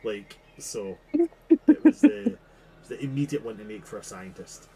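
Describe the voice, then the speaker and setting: A man's voice: lowish voice, wildly swooping pitch, normal speed, vocal fry, warm tone, low-quality recording. A man running a tabletop game, chatting casually after the session, swearing freely and laughing often. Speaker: game master. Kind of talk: casual post-session chat.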